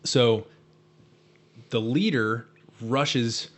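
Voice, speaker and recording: A man's voice: mid-range voice, very slow, a bit bright. A man hosting a casual podcast, eagerly retelling a favorite movie scene and often repeating words as he goes. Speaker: podcast host.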